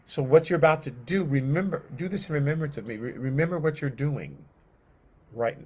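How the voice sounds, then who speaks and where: A man speaking as a gentle, grieving teacher figure, quiet and earnest as he pleads with a friend. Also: on the high side, fairly quick, close to an everyday voice. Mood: pleading.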